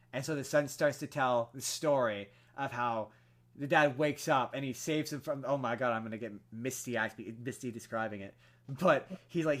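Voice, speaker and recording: Rambling, filler-heavy podcast guy. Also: a little high. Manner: rambling with many fillers and restarts, animated when excited. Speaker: podcast co-host. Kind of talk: casual chat.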